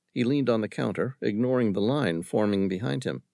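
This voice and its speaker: A lower-pitched man narrating a thriller audiobook, measured and dramatic. His delivery is lively in pitch, shaping each sentence with rises and falls. The recording is close and completely dry. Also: dry recording. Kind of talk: scripted narration.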